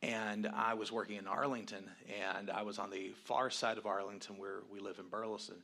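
Man co-host with a bright, lively voice, telling personal stories. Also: lowish voice, a little fast, gravelly. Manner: animated, grows loud acting out past arguments. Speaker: co-host, husband telling the story. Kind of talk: candid storytelling chat.

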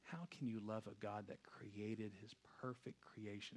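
A man in his thirties, a pastor giving a casual, conversational sermon that swings from hushed reflection to loud storytelling. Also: fairly low pitch, level tone, moderate pace, few pauses, a little hiss or hum.

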